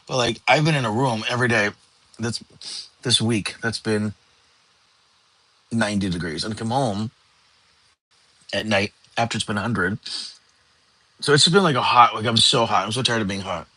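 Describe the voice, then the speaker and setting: Middle-aged male livestream host, worn out and yawning, bright dry voice, loose chatty delivery. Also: mid-range voice, dry recording, low-quality recording. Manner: chatty, rambling, reads and answers chat comments. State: tired, yawning. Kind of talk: casual livestream chat. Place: his bedroom.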